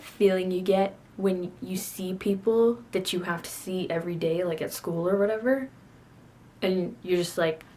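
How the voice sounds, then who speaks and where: A teenage girl's mellow, lowish voice moves at a moderate pace as she chats to camera in a casual video blog. Sassy and quick to mock herself, she rambles about her day and laughs frequently.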